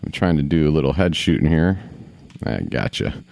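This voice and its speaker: Man, very deep voice, gameplay commentary, swearing, talks to himself, dry recording. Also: big pitch swings, normal speed, gravelly, a little mellow, no room sound. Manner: grumbling, swearing, talking to himself. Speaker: gamer.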